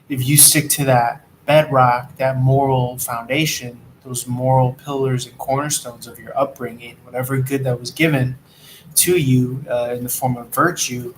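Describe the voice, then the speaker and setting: A man giving a rambling, profane, streetwise spiritual monologue while riding an e-scooter in traffic. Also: medium pitch. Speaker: tarot reader and delivery rider.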